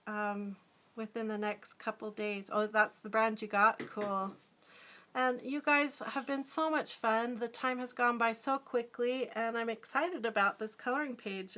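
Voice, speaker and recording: A chatty middle-aged woman with a bright, forceful voice chats casually on a live stream while she draws. She giggles often and answers her viewers' comments, her voice sitting a little high.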